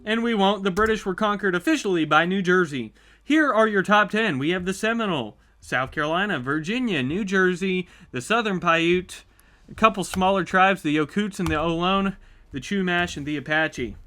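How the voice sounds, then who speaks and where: A man's voice: sits high, normal speed. A man hosting his channel, giving chatty, upbeat play-by-play commentary on a map simulation. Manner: upbeat, chatty, reacts with excitement. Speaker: YouTube host.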